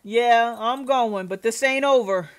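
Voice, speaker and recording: A woman voicing a gruff, threatening old male landowner in a story game, reading his lines loud and snarling. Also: fairly high pitch, unhurried, natural voice. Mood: spiteful.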